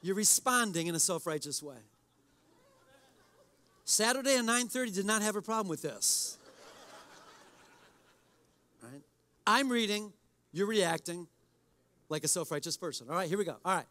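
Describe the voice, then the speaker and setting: A man's voice: high voice, expressive, moderate pace, pauses often, pushed and bright. A man preaching a sermon as pastor in a church service, exhorting in a conversational way and addressing the congregation directly.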